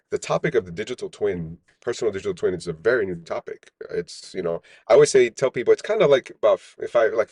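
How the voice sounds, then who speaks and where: A man's voice: lowish voice, darkish tone, no echo. A man, a startup founder, talking as a guest in a casual podcast interview, rambling with many restarts and "right?" tags.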